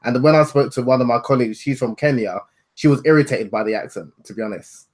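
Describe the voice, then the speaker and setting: A man's voice: mid-range voice, fast, darkish tone. A man from West Africa, a guest author, speaking earnestly in casual conversation, with asides and self-corrections.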